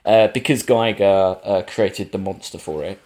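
A man's voice: low-pitched, moderate pace, darkish tone. A middle-aged man hosting a casual film podcast, chatty and jokey. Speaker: podcast host.

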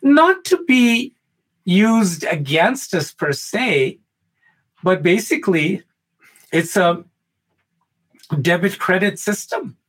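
A man talking on a podcast, telling a spiritual parable in an animated way, stumbling over many restarts. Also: high voice, slow, long pauses, husky. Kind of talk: spiritual talk and storytelling.

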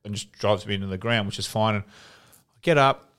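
A man's voice: lowish voice, normal speed, smooth. A young Australian man, an ex-footballer, telling stories in casual podcast chat, swearing freely. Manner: swears freely, animated storytelling. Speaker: podcast co-host, former footballer.

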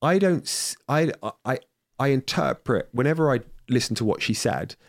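A man's voice: medium pitch, lively intonation, normal speed, dry recording, studio quality. A man talking in a casual podcast conversation, rambling with many restarts and getting heated and sweary.

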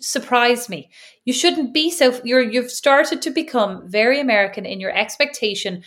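An Irish woman in her thirties co-hosting a podcast, with a slightly high voice. She teases her friend relentlessly and breaks into laughter as she talks. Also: normal speed, a bit bright. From Ireland. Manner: teasing, laughs often. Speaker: podcast co-host. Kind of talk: casual chat.

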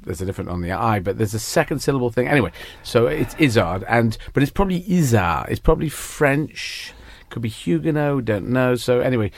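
A man's voice: medium pitch, animated, brisk, vocal fry, few pauses, a little hiss or hum. A man with an English accent answering interview questions in a rambling, hesitant way, often correcting himself. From England. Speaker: guest, comedian and politician.

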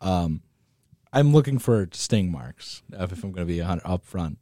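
A man's voice: deep voice, animated, normal speed, mellow, dry recording, clean studio sound. A man playing a tabletop game, hesitant and thinking aloud about the rules. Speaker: player.

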